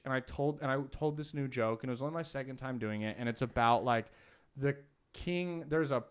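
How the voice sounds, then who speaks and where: A man's voice: mid-range voice, smooth. A young man, a podcast host and comic, chatting casually and rambling through a story with lots of "like" fillers. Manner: rambling storyteller, heavy filler "like", acts out quotes loudly. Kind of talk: casual chat.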